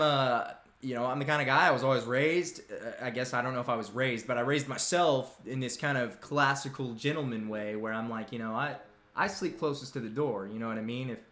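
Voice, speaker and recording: A live stream talk show host with a medium-pitched, sharp-toned voice tells a comic story to his live chat in an echoey room. He rambles, interrupts himself, and teases his audience.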